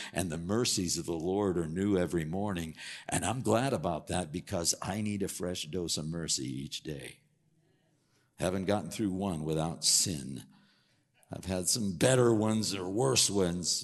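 A man preaching a sermon in an animated, conversational way, full of rhetorical questions. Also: low-pitched, vocal fry, breathy edge. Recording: long hall reverb.

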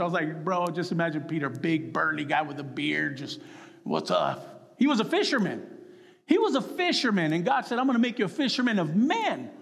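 A man preaching to a gathering of men, his voice sitting fairly high. He throws himself into acting out the quotes in his story. The sound carries a long reverb, as in a big hall. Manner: animated, acts out quotes with voice jumps. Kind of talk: sermon.

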